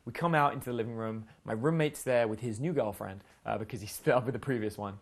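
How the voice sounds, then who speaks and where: Man, dating coach, casual storytelling, blunt and profane, acts out quotes, mid-pitched voice. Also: fast talker.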